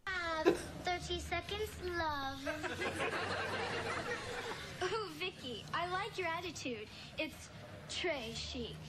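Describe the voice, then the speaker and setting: A snooty teen club girl, haughty and condescending. The voice sits high and the pace is slow and affected. It plays back from an old sitcom under loud background noise. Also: animated, heavily acted.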